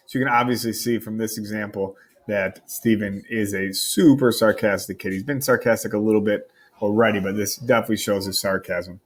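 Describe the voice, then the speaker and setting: A man reading a novel aloud to a class as their teacher, in a wry, conversational storytelling manner with a husky voice. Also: on the low side, steady tone, brisk.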